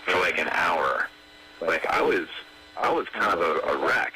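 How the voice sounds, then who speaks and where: A man's voice: deep voice, sing-song, rough recording. A man talking on a radio show, stammering and restarting his sentences as he describes his feelings. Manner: stammering, halting, many restarts. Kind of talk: emotional on-air conversation. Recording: radio broadcast with loud noise.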